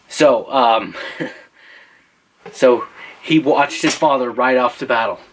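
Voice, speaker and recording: Playful dad telling an improvised story. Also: male voice, mid-range voice, a bit bright, a little hiss or hum, poor audio. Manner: playful, teasing, asks listeners for choices.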